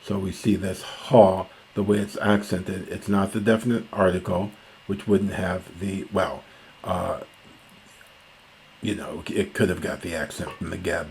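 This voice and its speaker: Male lecturer, very deep and slow, hesitant delivery full of fillers, reads phrases carefully. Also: darkish tone. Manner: hesitant, many fillers and self-corrections, slows to chant Greek. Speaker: classics lecturer. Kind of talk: reading and explaining ancient Greek lines.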